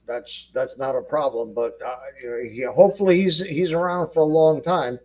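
Male podcast guest, a bit high-pitched, rambling and conspiratorial in tone. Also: moderate pace, dark tone. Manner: rambling storyteller, conspiratorial, hesitant restarts. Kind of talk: casual conversation.

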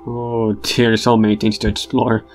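A man's voice: on the low side, completely flat delivery, measured pace, soft background music. A man giving casual game commentary, with wry remarks and chuckles as he plays. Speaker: gamer.

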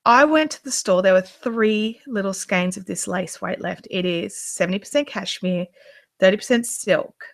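A woman's voice: mid-range voice, steady tone, normal speed, creaky, no echo. Chatty, gushing woman. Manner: gushing, chatty, many restarts. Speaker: yarn vlogger. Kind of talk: casual show-and-tell chat. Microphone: handheld mic near camera.

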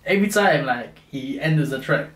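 A man's voice: medium pitch, lively intonation, normal speed, fairly bright tone, reverberant. A man co-hosting a reaction video, chiming in with short reactions and agreement. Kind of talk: casual reaction chat.

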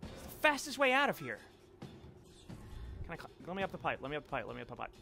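A young man giving casual, sweary commentary on a video game he is playing, turning excitable and yelling whenever things go wrong. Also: fairly high pitch, quick pace, creaky, soft background music. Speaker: let's play commentator.

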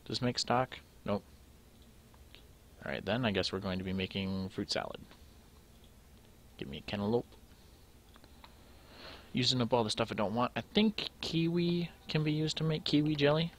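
With a medium-pitched voice and a moderate pace broken by frequent pauses, a young let's play gamer talks himself through his game, musing casually as he sorts items.

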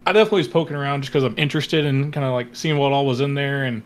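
A man's voice: mid-range voice, racing. A man playing a tabletop storytelling game, rambling and hesitant with many fillers. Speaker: player.

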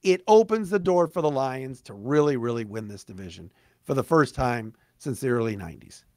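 Blunt sports podcast host. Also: male voice, medium pitch, lively intonation, fairly quick, darkish tone, no room sound, studio quality. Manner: blunt, emphatic, sarcastic, mocks fans in put-on voices. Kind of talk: opinionated sports monologue.

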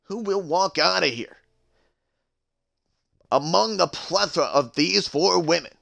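A man's voice: high-pitched, lively intonation, a little slow, creaky, fairly bright tone. A man doing play-by-play wrestling commentary on a live stream, hyping the matchup and greeting viewers by name. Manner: hype announcer, chatting to live stream viewers. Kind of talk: play-by-play commentary of a video game wrestling show.

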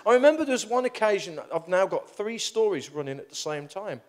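A middle-aged man with a high-pitched voice tells stories in a sermon, speaking fairly quickly with hardly any pauses. He's animated and self-deprecating, rambling and restarting as he goes.

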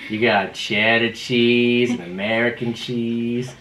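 A man's voice: mid-range voice, steady tone, slow, fairly bright tone, a little hiss or hum. Dry, teasing man in a roomy echo. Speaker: guest on a vlog. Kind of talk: casual trivia chat.

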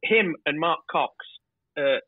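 Over a thin, phone-like remote connection with a dry sound, a man who directs TV chats as a podcast guest. His slightly high voice is lively but unhurried, and his anecdotes are full of stumbles and repeated words.

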